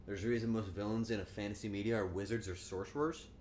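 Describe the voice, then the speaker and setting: A man's voice: on the low side, steady tone, fast talker, darkish tone, slight background noise. A man chatting casually on a cooking stream, joking and rambling, and acting out quotes in goofy voices.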